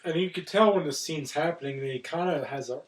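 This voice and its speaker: A man co-hosting a podcast, summarizing a film's plot in a relaxed, casual way. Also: on the high side, fast, far from the mic, low-quality recording. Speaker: podcast co-host. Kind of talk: casual film discussion.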